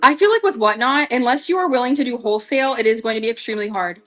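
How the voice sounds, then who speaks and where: Young woman live-seller, chatty and gushing, a little high-pitched, casual stream host. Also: rapid-fire, a bit bright, low-quality recording. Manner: chatty, gushing, talks straight to viewers. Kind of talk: casual live-selling chat.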